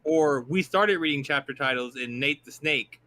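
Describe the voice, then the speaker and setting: A man chatting casually with a friend on a stream, telling stories in a dry, deadpan way. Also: a little high, moderate pace, dry recording. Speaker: streamer co-host.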